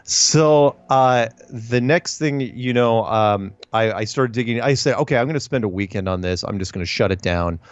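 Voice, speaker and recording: A man's voice: mid-range voice, normal speed, few pauses, smooth, no echo, lo-fi sound. A man guest in a casual interview, telling his story with lots of restarts and acted-out quotes. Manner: animated, acts out quoted voices, frequent restarts.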